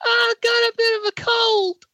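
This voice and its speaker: A woman voicing a ditzy, crude young woman in a squeaky, very high, slow drawl for a comedy bit. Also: little pitch movement, bright, forceful tone, no room sound, heavily acted. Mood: giddy.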